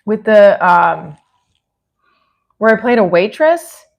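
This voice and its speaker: In a muffled recording, a woman with a medium-pitched voice and noticeable vocal fry talks slowly but very animatedly. She's hosting a laid-back livestream, reading comments out loud and replying off the cuff in a rambling, chatty, self-deprecating way, frequently restarting mid-sentence to answer chat.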